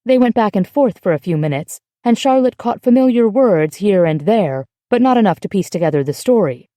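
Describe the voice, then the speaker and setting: A woman reads a novel aloud in an even, measured way, her voice mellow and warm. The recording is dry and close, with no room echo. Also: mid-range voice. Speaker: audiobook narrator. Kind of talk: scripted narration.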